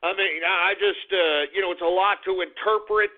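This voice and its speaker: A man hosting a talk radio show, ranting in exasperation and swearing often, swinging between muttered groans and shouts. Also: high voice, steady tone, moderate pace. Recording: phone-like lo-fi radio recording.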